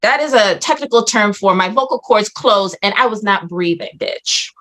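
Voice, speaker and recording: A woman's voice: mid-range voice, expressive, normal speed, bright, forceful tone. A woman guest on a podcast, telling a story in casual chat with blunt, dramatic, profane delivery.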